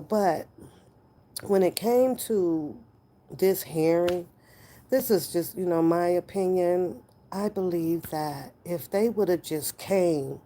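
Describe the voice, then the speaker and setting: A woman with a low, mellow voice hosts a casual live stream. She chats playfully with her viewers and drifts into loose asides as she answers their questions. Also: a little hiss or hum.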